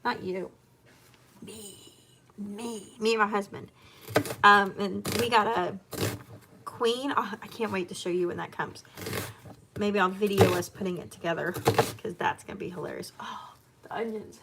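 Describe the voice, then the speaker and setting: A woman's voice: medium pitch, steady tone, measured pace, pauses often, noisy background. A woman in her home kitchen chatting casually and rambling as she chops and cooks. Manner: chatty and rambling, talking while chopping and cooking. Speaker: homemaker vlogger. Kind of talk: casual chat while cooking.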